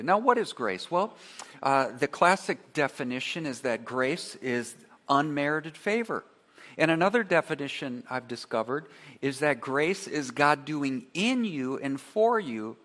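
A man preaching a sermon, earnest and emphatic, who leads his congregation in call-and-response and drops to a soft voice on key phrases. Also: mid-range voice. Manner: earnest preaching, rising to emphatic repetition then dropping soft. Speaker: pastor.

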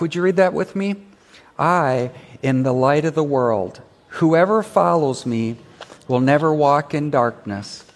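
Male pastor, sermon, emphatic preaching, slightly higher voice, church. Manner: emphatic preaching with call-and-response asides. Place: church sanctuary.

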